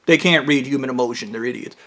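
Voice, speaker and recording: A man's voice: medium pitch, fast, a bit bright. A man telling a crude comic story in a profane, blunt and mocking way. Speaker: storyteller comedian.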